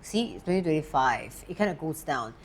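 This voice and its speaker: Woman, confidence coach, steady and emphatic, fairly low voice, faint hiss behind. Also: moderate pace. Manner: steady, emphatic, lively pitch swings on key words. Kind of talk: talking-head teaching talk.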